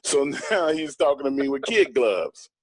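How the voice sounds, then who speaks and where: A man's voice: mid-range voice, expressive, a little slow, slightly rough. A middle-aged man, a guest in an interview, telling a story in an emphatic, blunt and boastful way.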